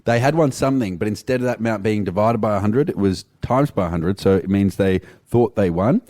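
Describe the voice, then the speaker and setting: A man's voice: on the low side, fairly quick, a little mellow. A man hosting a casual radio show, joking and rambling through stories. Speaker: radio host. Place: outdoor broadcast on a beach.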